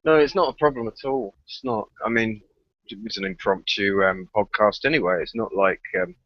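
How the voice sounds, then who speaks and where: A man's voice: on the low side, brisk, muffled recording. A man hosting a casual podcast in a friendly, easygoing way, with light hesitations. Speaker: podcast host. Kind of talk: casual chat.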